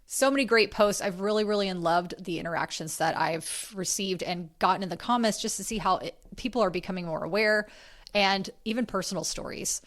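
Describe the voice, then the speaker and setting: A woman's voice: medium pitch, brisk, fairly bright tone. A woman hosting a podcast, talking in an earnest, chatty way with friendly asides. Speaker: podcast host. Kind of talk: casual podcast talk.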